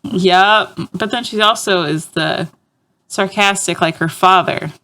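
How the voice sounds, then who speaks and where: A woman's voice: medium pitch, a little slow. Lady podcast cohost, 30s, giggly, does her kids' voices. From United States. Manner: laughs often, quotes her kids in animated voices. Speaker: podcast co-host. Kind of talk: casual chat.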